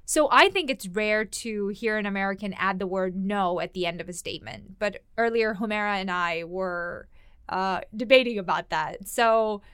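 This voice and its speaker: A woman teaching a language lesson, explaining words and phrases in a clear, explanatory way. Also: mid-range voice, normal speed, fairly bright tone, dry recording, clean studio sound.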